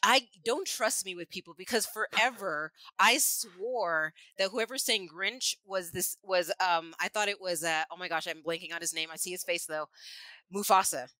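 A woman co-hosting a casual chat, animated and quick to laugh. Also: on the low side, dry recording, rough recording. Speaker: podcast co-host.

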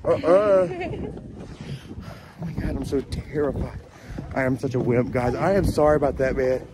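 A man's voice: mid-range voice, moderate pace. A man vlogging on a mountain lookout, nervous and full of anxious exclamations. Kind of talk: casual vlog narration. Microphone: handheld camera. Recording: outdoor camera audio with background noise.

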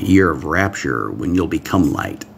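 A man preaching a livestream Bible-code sermon, excitable, swinging between hushed asides and loud exclamations and talking straight to his viewers. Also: extremely low pitch, a little slow, vocal fry, heavy background noise. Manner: talks directly to viewers, reads out comments. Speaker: pastor.

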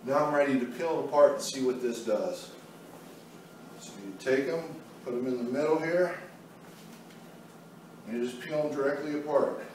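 Here a man with a mid-range voice speaks at a normal speed, pausing often, as he walks through a painting demo step by step. He's an art instructor, relaxed and talking while he works. It's recorded in a very echoey space with a distant mic and a little background noise.

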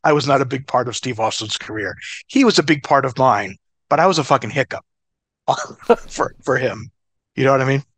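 A man's voice: mid-range voice, normal speed, long pauses, no room sound. Profane middle-aged man telling stories. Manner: profane, laughing, animated storyteller. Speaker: interview guest, former wrestler. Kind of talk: casual storytelling.

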